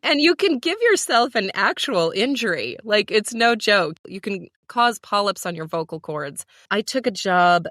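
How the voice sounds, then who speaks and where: A woman's voice: medium pitch, big pitch swings, a little slow, hardly any pauses, a bit bright, no echo, clean studio sound. A woman who narrates audiobooks, explaining her work in a practical, matter-of-fact way during a casual podcast chat.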